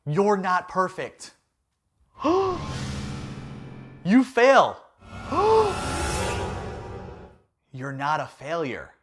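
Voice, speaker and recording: Animated, playful man giving a youth talk. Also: a little high, takes it slowly, hardly any pauses, over music. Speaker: youth pastor.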